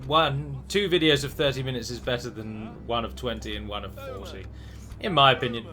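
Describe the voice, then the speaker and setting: A man's voice: medium pitch, fairly quick, sharp tone, soft background music. A man hosting a strategy game let's play, chatty and rambling, with restarts and the odd dramatic flourish. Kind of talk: game commentary.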